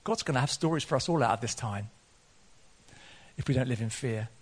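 A man preaching a sermon, earnest, laughing often, and rising to excited peaks. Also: mid-range voice, fairly quick, husky. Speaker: pastor.

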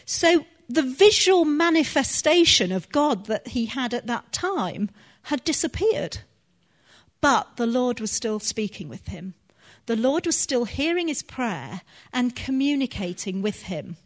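Woman preaching a gentle sermon. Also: a little high, big pitch swings, measured pace.

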